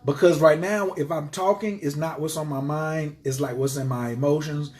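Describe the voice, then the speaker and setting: A man's voice: on the high side, fairly even intonation, normal speed, darkish tone. A man teaching astrology to his viewers in a casual live stream, speaking passionately and emphatically and driving his points home by repeating them.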